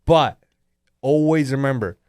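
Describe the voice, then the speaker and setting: A man's voice: medium pitch, measured pace, a little mellow, clear, resonant tone, no echo, clean studio sound. A man in his thirties co-hosting a podcast, teasing his friend in crude, casual banter and laughing often. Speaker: podcast co-host.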